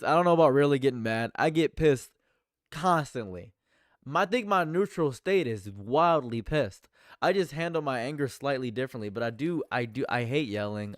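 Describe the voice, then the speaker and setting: A man's voice: on the low side, no room sound, studio quality. A man streaming live react commentary, talking in a heated, rambling way and repeating himself.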